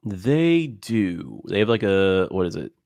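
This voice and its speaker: A man with a fairly low voice trades blunt, teasing banter on a podcast. He reads lists aloud in a flat matter-of-fact way and pushes back on his co-host. The sound is dry and close to the mic. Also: takes it slowly, gravelly, no room sound.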